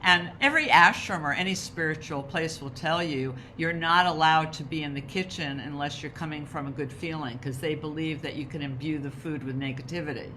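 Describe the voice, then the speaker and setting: A woman's voice: low voice, brisk, hardly any pauses, bright, forceful tone, a little hiss or hum. A woman talking about rituals and wellness in a conversation, explaining with emphasis. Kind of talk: conversational advice talk.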